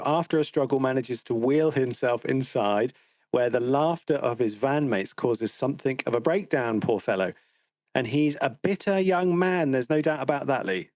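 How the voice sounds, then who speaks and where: A man's voice: mid-range voice, a little mellow, no room sound. A man co-hosting a film podcast, recapping the plot in a wry, teasing way. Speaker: podcast co-host. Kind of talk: casual film discussion.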